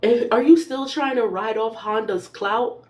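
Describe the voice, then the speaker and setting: A young woman hosting a casual recap podcast, sassy and animated, laughing often as she talks. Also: on the high side, unhurried, echoey room. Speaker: podcast host.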